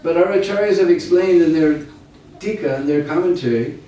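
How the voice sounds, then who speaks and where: Man preacher, story sermon, higher voice, very echoey and distant. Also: brisk. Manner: animated storytelling with asides to listeners. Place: large indoor hall at a summer camp. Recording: echoey hall from far off, faint ambience.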